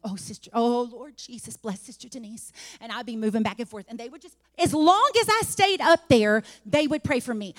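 A woman preaching a sermon in a church, testifying and rising to fervent shouts. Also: on the high side, in a large hall. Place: church sanctuary.

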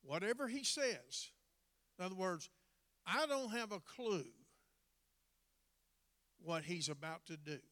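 Folksy preacher, high bright voice. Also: male voice, takes it slowly, long pauses. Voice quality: folksy, drawling, colloquial grammar. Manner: animated, builds to loud emphatic bursts. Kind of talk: storytelling sermon. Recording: long hall reverb.

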